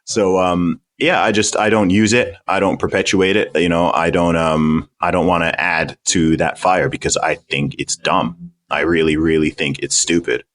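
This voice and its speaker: A man's voice: deep voice, level tone, normal speed, fairly bright tone. A man with a British accent, a guest on a podcast interview, answering bluntly and emphatically and repeating words as he stresses his points. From United Kingdom. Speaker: guest, independent rapper.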